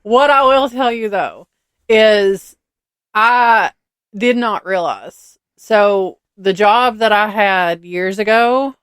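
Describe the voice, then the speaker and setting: A woman's voice: medium pitch, slow, fairly bright tone, clean tone, no echo. A woman with a Southern US accent, co-hosting a podcast, dramatic and playfully defensive in casual chat. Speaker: podcast co-host.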